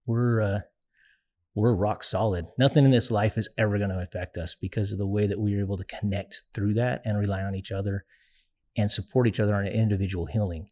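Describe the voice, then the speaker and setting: A young man speaks as an interview guest in a lowish, steady voice. He talks in an earnest, reflective way, pausing often and filling gaps with fillers as he tells his story.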